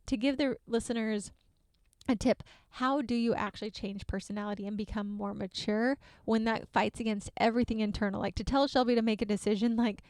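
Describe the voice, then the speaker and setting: Woman podcast host, higher voice, dry close mic, animated, laughs a lot. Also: no echo. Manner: animated, laughs often, acts out quoted voices. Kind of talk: casual podcast chat.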